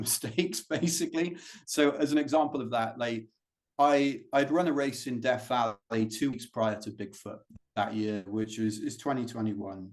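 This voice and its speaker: A British man chats as an interview guest, winding through stories with plenty of "you know"s and restarts. His voice sits in an ordinary middle pitch, and he speaks loosely and conversationally. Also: darkish tone. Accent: British English. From Britain. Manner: rambling storytelling with many fillers. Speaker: guest, ultrarunner. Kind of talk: casual interview chat.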